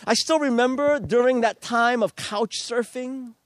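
A middle-aged man with a notably high voice delivers a storytelling sermon at a slow, deliberate pace. He pokes fun at himself, then turns earnest as he urges the listener to press on. The sound is close and dry, with no room around it. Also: no room sound. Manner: self-deprecating, earnest exhortation.

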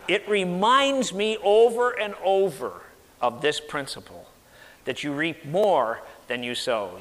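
Male pastor, emphatic call-and-response sermon, high lively voice, reverberant sanctuary. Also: slight background noise. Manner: emphatic, leads congregation in call-and-response repetition. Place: church sanctuary. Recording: long hall reverb.

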